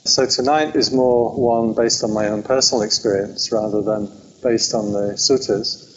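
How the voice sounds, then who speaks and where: A man's voice: fairly low pitch, fairly even intonation, moderate pace. English guy teaching buddhism, chatty and joking at himself, kinda muffled lo-fi recording with a faint hiss. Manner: chatty, self-deprecating humor. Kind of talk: informal dharma talk. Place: meditation centre hall.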